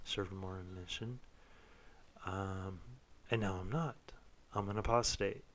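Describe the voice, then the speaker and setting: A man's voice: sits low, steady tone, a little slow, fairly bright tone. A young man talking casually on a podcast, rambling and swearing freely, tipsy as he jokes and argues. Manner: profane, rambling, says he is tipsy. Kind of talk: casual chat.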